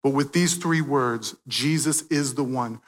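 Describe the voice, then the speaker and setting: A man preaching a sermon, swinging from loud, emphatic peaks to quiet, hushed moments. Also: medium pitch, unhurried, big-room sound. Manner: dynamic preaching, swelling loud then dropping soft.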